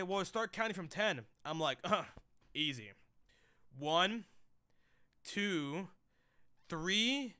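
A man's voice: fairly high pitch, clean tone, no echo. A young man streaming, telling stories to his chat in a casual, profane, joking way. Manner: profane, joking, animated storytelling.

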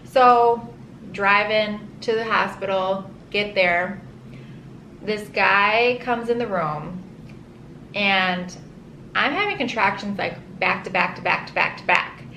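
Woman, casual storyteller, animated and dramatic, filler-heavy, mid-pitched, echoey room with faint hiss. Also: slow. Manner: animated, dramatic, says "like" often. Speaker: vlogger telling her birth story. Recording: roomy echo with faint ambient hiss.

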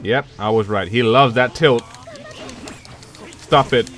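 Male gamer, drawling profane play-by-play, bright tone. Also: medium pitch, takes it slowly, soft background music. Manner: profane, frustrated mutterings with sudden shouts. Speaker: gameplay commentator. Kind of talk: casual live gameplay commentary.

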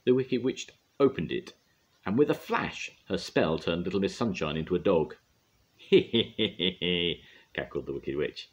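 An older man gently and expressively reading a children's story aloud. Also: low-pitched, expressive, normal speed, breathy edge, lo-fi sound. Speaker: storyteller grandad.

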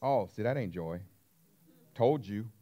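A man's voice: fairly low pitch, lively intonation, slow pace, warm tone. A man preaching a sermon as pastor, emphatic and repetitive, calling out questions to his congregation.

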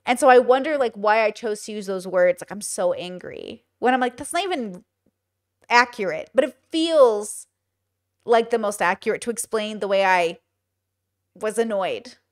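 A podcast host in her thirties tells stories in a casual, chatty way, acting out what people said and using plenty of fillers. Her voice is slightly high and expressive, at a moderate pace.

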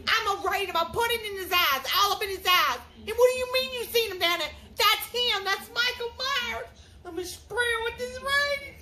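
A woman's voice: very high-pitched, lively intonation, normal speed, crowd noise. A woman comedian acting out a panicky, frantic role in a comedy sketch, with fake sobbing.

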